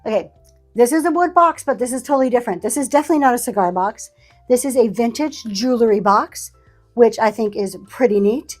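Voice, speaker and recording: Woman, live-stream reseller, slightly high voice, casual running chatter over faint music. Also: expressive, fairly quick. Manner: chatty, thanks buyers by name. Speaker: live auction seller. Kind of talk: live selling stream chat.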